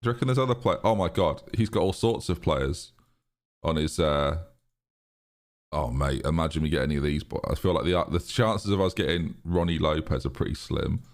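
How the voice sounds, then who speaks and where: A man streaming a football management game live, chatting excitedly to his viewers and laughing often. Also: extremely low pitch, fairly quick. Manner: excitable, chatty, talks to chat. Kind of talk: live gaming commentary.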